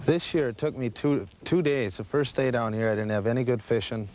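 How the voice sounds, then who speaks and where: Out on a lake, a man who guides locally describes fishing patterns from his boat in an easygoing, straightforward way. He speaks briskly in a mid-range, slightly mellow voice. The 1980s VHS field recording carries light noise.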